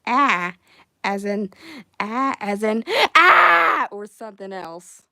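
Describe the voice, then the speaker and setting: A young woman chatting casually on a livestream while she animates, reading chat messages aloud and breaking into excited outbursts. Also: mid-range voice, slow, no echo.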